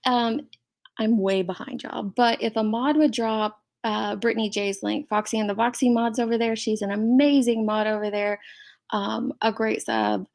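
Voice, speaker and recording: A middle-aged woman hosting a live commentary stream, her voice pitched a little high. She reacts with indignation and pauses to greet chat members by name. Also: creaky, darkish tone. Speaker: commentary channel host.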